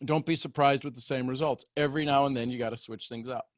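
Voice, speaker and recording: A man's voice: medium pitch, fairly even intonation, fast, dry recording, clean studio sound. A man hosting a coaching call, talking animatedly and acting out inner voices as he guides participants. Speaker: host and coach.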